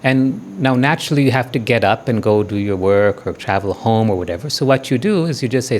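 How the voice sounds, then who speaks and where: A man giving a devotional talk and guided meditation, speaking gently and often checking in with listeners. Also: mid-range voice, lively intonation, a little hiss or hum. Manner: slow, soothing meditation guidance. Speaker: spiritual teacher.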